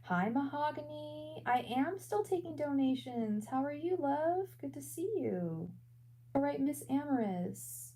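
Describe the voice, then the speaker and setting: A woman working as a tarot reader and psychic medium on a live stream. She talks in a soft, halting way and repeats her words often. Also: high-pitched, expressive, a little hiss or hum, rough recording. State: emotional.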